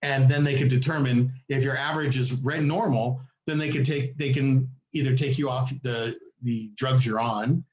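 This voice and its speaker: A man's voice: moderate pace, hardly any pauses, muffled recording. A man co-hosting a podcast, telling a story in casual chat and acting out the people in it with big swings in his voice. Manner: animated, acts out quoted people with big pitch jumps. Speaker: podcast co-host. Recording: echoey room.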